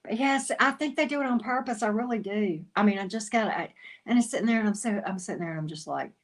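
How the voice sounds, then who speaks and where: A woman's voice: medium pitch, quick pace. A woman, a tarot reader chatting casually on a livestream, calling viewers honey and sweetie and greeting them by name. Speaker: tarot reader and channel host.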